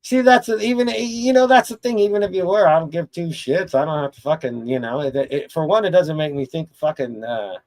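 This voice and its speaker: A man's voice: on the high side, animated, fairly quick, hardly any pauses, a little mellow, rough recording. Blunt, profane middle-aged man ranting. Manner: blunt, profane, rambling with restarts. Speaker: host of a live chat stream. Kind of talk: casual livestream rant.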